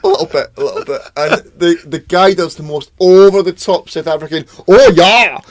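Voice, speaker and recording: A man's voice: on the high side, fairly quick, a little mellow, no room sound. Rambling man, dry close podcast sound. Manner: rambling, laughs often, swears casually. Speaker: podcast co-host. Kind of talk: casual chat.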